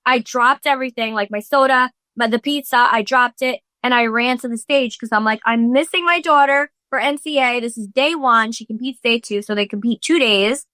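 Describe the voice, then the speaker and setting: A woman's voice: a little high, fairly even intonation, normal speed, hardly any pauses, sharp tone, no echo. A woman in her thirties, a podcast host, recounting a chaotic story in casual chat, full of swearing, fillers and acted-out quotes.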